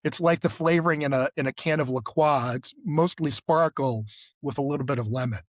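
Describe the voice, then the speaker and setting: A man's voice: on the high side, brisk, no echo, clean studio sound. A man co-hosting a podcast in casual chat, rambling with fillers and restarts. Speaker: podcast co-host.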